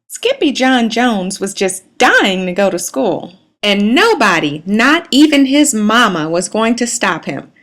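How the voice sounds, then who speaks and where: Animated woman reading to children. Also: mid-range voice, unhurried. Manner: animated, sing-song. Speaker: storyteller. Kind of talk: reading a picture book aloud to children.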